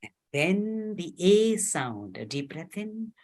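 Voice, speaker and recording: A woman guides a group through an online arts workshop, speaking slowly and leaving room between her instructions. Her voice is soft and breathy. She moves between storytelling and calm prompts for breathing and vowel exercises. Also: on the low side. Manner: storytelling narration with soft asides. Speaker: workshop facilitator.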